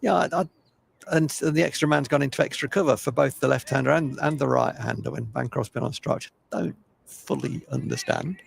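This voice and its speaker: An older man giving chatty, opinionated live cricket commentary, with a gravelly voice. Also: mid-range voice, brisk, slight background noise. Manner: chatty, opinionated, self-deprecating.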